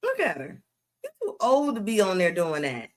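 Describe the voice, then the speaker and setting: A woman's voice: mid-range voice, huge pitch swings. A woman hosting a livestream, giving mocking reaction commentary with frequent laughter. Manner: laughing mocking banter, drawn-out asides. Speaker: host.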